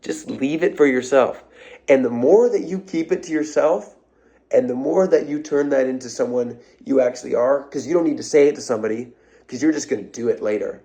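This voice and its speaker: A man's voice: mid-range voice, a little fast, mellow, breathy edge. A man giving an off-the-cuff motivational rant to his followers, blunt and profane, hammering phrases over and over. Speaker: social media creator.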